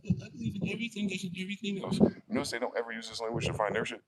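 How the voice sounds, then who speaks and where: A man's voice: mid-range voice, very animated, very fast, very noisy. A man ranting in a profane, combative monologue, asking questions and answering them himself. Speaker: online video host.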